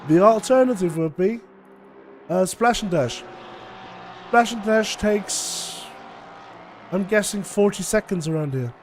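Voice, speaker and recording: A man's voice: high-pitched, animated, measured pace, pauses often. A man giving chatty, analytical live commentary on a sim race, laughing often. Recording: noisy with race car sound behind.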